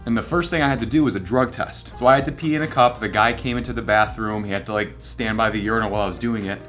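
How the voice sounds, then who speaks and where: A man's voice: fairly low pitch, fast, fairly bright tone, faint music behind. A young man vlogging, casually telling a story and acting out both sides of the conversations.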